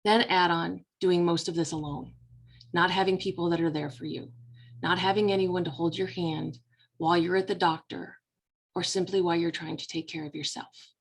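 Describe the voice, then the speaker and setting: A woman's voice: on the low side, steady tone, moderate pace, gravelly, breathy edge. A middle-aged woman life coach telling her personal story in an earnest, motivational way, speaking straight to the listener. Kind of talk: personal story told to camera.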